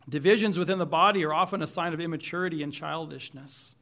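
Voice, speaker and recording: A man's voice: on the high side, quick pace, few pauses, a bit bright. A man preaching a sermon with earnest, emphatic delivery that swells and drops back. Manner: earnest, emphatic preaching with rising and falling intensity. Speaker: pastor.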